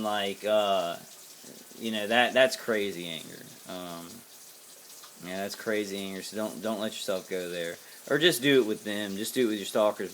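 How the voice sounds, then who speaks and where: A man's voice: fairly low pitch, fairly bright tone, a little hiss or hum. An American man giving a casual to-camera monologue as a vlogger, angry, profane and rambling with many fillers and restarts. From United States.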